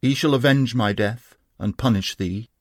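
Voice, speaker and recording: A man reading a defiant young wounded warrior's speech in a slow, measured, archaic declaiming manner. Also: mid-range voice, no room sound, studio quality, lightly acted. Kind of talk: poetry reading.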